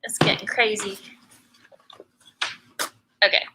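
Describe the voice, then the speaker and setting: A woman's voice: mid-range voice, little pitch movement, takes it slowly, background noise. A middle-aged woman chatting and teasing her viewers while teaching painting in a live tutorial. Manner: chatty, teasing, laughs often.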